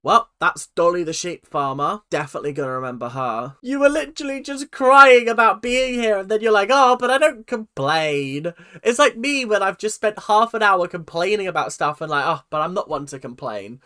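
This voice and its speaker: A man's voice: high-pitched, expressive, a little fast, hardly any pauses, bright, forceful tone, clean tone, faint music behind. A man hosting a reaction video, chatting casually and exaggerating with mock voices.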